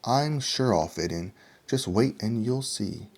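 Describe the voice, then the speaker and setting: A man's voice: medium pitch, lively intonation, slow pace, voice pushed up. Christopher Pumpkin, voiced by a man, cheerful. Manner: bright, eager and friendly. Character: cheerful kind young pumpkin boy.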